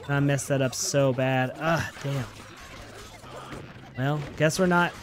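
A man's voice: mid-range voice, normal speed, slight background noise. A man hosting a gaming channel, giving upbeat, chatty let's-play commentary and talking playfully to his viewers.

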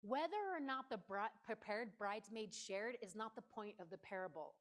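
A woman's voice: medium pitch, normal speed. A woman preaching a conversational sermon in a church, playful and emphatic, often stopping to speak directly to her listeners.

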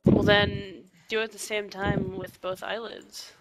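Slow, gravelly, prankish voice. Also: male voice, high voice, flat delivery, over loud music. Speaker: friend on voice call. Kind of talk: casual chat on voice call.

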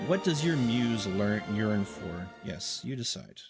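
A man's voice: lowish voice, sing-song, takes it slowly, few pauses, music in the background. A man hosting a strategy game let's play, making wry, rambling commentary full of fillers and asides. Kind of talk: casual gameplay commentary.

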